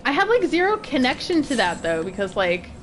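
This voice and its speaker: A woman's voice: high voice, huge pitch swings, a little fast, a little hiss or hum. A young woman chatting casually while playing a video game, laughing and thinking aloud when puzzled. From northern United States. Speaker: streamer. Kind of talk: casual gameplay commentary.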